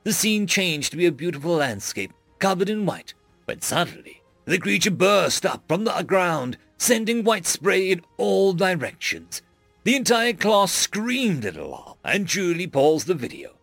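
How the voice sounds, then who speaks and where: A man narrates a scripted story with expressive delivery. His voice sits a little high and moves with lively pitch. The sound is close and dry, with faint music underneath. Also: measured pace, gravelly, no echo.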